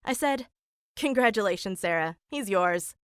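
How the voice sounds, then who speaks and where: A woman's voice: mid-range voice, animated, normal speed, clear, resonant tone, dry recording, studio quality, natural voice. A woman voicing an eighteen-year-old girl narrating her own story in an animation, in a plain, matter-of-fact way, as scripted first-person narration. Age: young adult.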